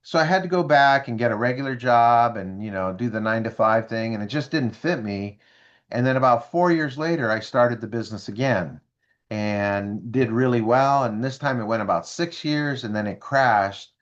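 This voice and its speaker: A man's voice: mid-range voice, moderate pace, highs cut off. A man in his fifties, a business speaker as interview guest, telling stories and acting out the voices of people he quotes. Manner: animated, acts out quoted voices. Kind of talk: interview storytelling.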